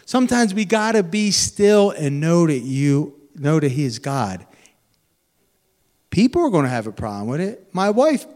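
A man preaching a sermon in a lively, animated way, swinging between loud emphatic bursts and quiet asides. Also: on the high side, unhurried. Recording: long hall reverb.

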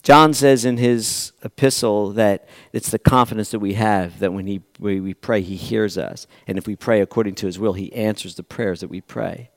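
A man preaching a sermon, swinging between loud pleading lines and quiet, hushed asides to the congregation. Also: on the low side, moderate pace, few pauses, dry recording. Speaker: pastor.

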